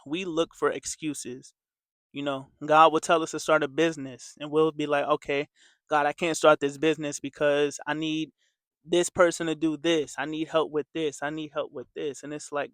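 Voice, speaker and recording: Man, motivational faith coach, earnest and repetitive, fairly high voice, dry close sound. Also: a bit bright, no room sound. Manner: earnest, repetitive, conversational with many fillers. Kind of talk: casual motivational faith talk.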